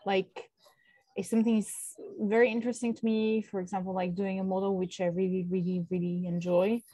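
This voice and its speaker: Mellow-voiced woman, dry sound. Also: medium pitch, little pitch movement, fairly quick, no room sound, low-quality recording. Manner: enthusiastic, stringing ideas together. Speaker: seminar participant. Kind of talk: casual group discussion.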